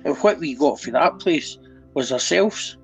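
Here the middle-aged Scottish man's voice is fairly high, with lively intonation and an unhurried pace. As a podcast guest, he shares his story in earnest, candid conversation, repeatedly asking if you know what he means. Faint music plays under the dull, lo-fi audio.

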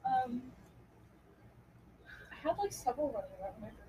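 A woman's voice: high voice, big pitch swings, normal speed, warm tone, far from the mic, rough recording. A young woman leading a casual group chat, giggly and rambling with many fillers. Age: young adult. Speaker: group discussion leader.

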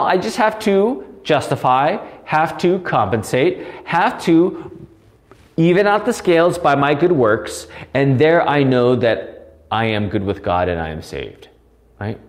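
A man with a fairly high voice preaches a catechism lesson with real passion. He swings from loud, emphatic declarations down to quiet asides, talking to a recording rather than a crowd. The delivery is earnest and insistent throughout. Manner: passionate, rising to near yelling, then dropping to quiet asides. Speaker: pastor teaching catechism. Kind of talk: recorded live Bible study sermon. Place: alone, recorded live without audience.

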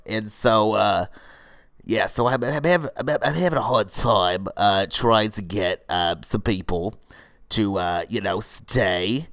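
In a comedy monologue, a man barely altering his fairly low voice plays a brash woman in her forties who runs a struggling cold-yoga studio, rambling at a slow pace. Recorded dry with no room sound or echo, she stumbles over "uh" and "you know" and delivers crude remarks flatly and matter-of-factly.

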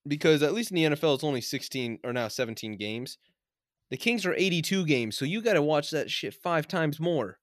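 A man's voice: a little high, lively intonation, brisk, dry recording, clean studio sound. A man co-hosting a casual sports podcast, making earnest arguments about the games. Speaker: podcast co-host.

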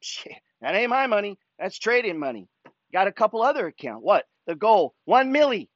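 Pumped-up guy cussing nonstop about money, kinda high voice, dry dull sound. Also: big pitch swings, normal speed, no room sound. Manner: swears constantly, pushy, fired-up. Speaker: host reading follower emails. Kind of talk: profane motivational rant.

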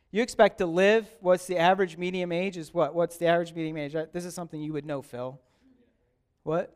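Male pastor, conversational sermon, higher smooth voice, chatty. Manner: chatty, with frequent restarts and "like", asks congregants questions by name.

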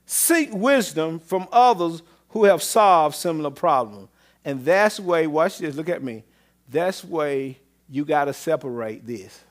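A man preaching a sermon as pastor, swinging between loud exclamations and low murmurs, with repeated call-outs to the congregation. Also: animated, a little slow. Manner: repetitive call-and-response phrasing.

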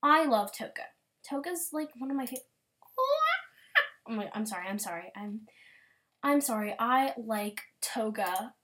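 A young woman giving a casual, gushing reaction commentary, gasping, repeating herself and dropping into soft whispers. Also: a little high, big pitch swings, a little slow. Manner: rambling with repeated words. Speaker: vlogger browsing fan art.

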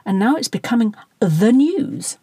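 A woman doing a fretful, self-important middle-aged politician who moans and gossips about the party. His lines swing up and down in pitch, in a slightly husky voice. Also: sing-song, unhurried, dark tone, no room sound, heavily acted. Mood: gossipy. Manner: moaning, gossipy.

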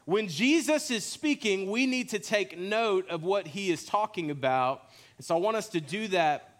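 A man, preaching a sermon in a church in a relaxed, joking storytelling way. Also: high-pitched, moderate pace. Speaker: pastor. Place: church sanctuary.

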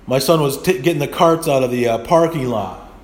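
A middle-aged man talks straight into the mic as host of his own show, cursing at nearly every turn. He rambles through stories, then lets fly with blunt rants at listeners. His voice sits at an ordinary, mid-range pitch. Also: fairly quick. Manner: profane, ranting, blunt. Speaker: podcast host. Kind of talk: casual profane monologue.

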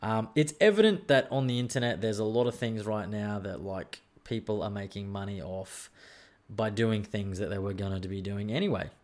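A young man hosting a solo podcast, telling rambling, excitable stories and swearing freely. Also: lowish voice, normal speed. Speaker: podcast host. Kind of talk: casual solo podcast chat.

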